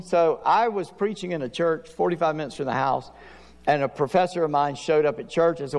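Gravelly preacher in reverberant hall. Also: male voice, on the high side, a little fast, darkish tone. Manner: folksy storytelling, acts out prayers and dialogue. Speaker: pastor. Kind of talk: sermon.

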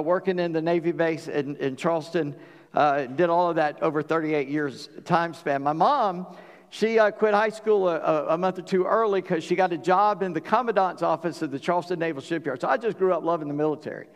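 A middle-aged man preaching a sermon, folksy and conversational, often restarting his phrases. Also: high voice. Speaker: pastor. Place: church sanctuary. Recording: long hall reverb.

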